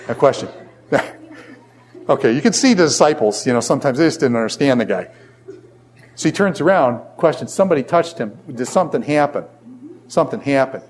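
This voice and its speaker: This middle-aged Bible teacher has a mid-range voice and speaks fairly quickly in his classroom. He tells stories animatedly with jokes and asides, and he questions the class only to answer himself, keeping the lecture lively.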